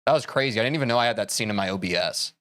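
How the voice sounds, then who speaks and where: A man's voice: fairly low pitch, very fast, a bit bright, dry recording, clean studio sound. A man streaming a game, talking casually to his chat in a rambling, self-interrupting, opinionated way.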